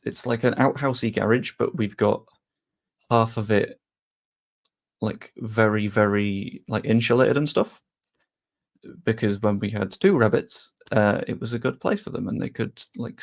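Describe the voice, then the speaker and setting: A man's voice: fairly low pitch, fairly even intonation, normal speed, vocal fry. A man chatting casually on a live stream, rambling a little and answering viewers' messages. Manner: rambling, reads chat aloud and answers it.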